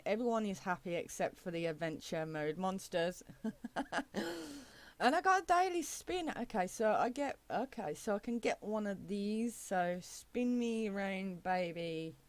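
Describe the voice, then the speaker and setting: A woman's voice: mid-range voice, animated, measured pace, no echo. A woman casually narrating her first look at an idle game, thinking aloud with frequent okays and stumbling a little when she reads the game's text. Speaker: gaming channel host. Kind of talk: casual let's-play commentary.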